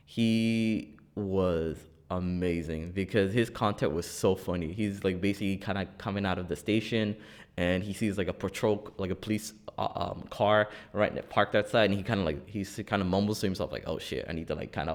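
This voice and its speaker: Lively young man telling funny stories. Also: sits low, moderate pace. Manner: animated storytelling, laughs often, acts out quoted voices. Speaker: podcast co-host. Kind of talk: casual podcast chat. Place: studio.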